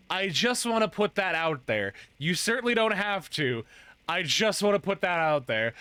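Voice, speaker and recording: A man hosting a casual stream chat, excitable and rambling, quick to laugh. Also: sits high, clear, resonant tone, dry recording. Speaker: streamer host.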